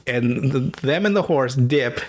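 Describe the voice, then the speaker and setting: A man hosting a podcast, retelling a cartoon episode in casual, profane chat, laughing often and slipping into quick character voices. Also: medium pitch, animated. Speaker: podcast host.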